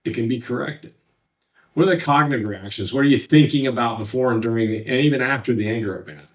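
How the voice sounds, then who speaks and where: A counselor teaches from slides in a plain, conversational manner, full of fillers and restarts. He's a fast talker with a mid-range voice, recorded far from the mic.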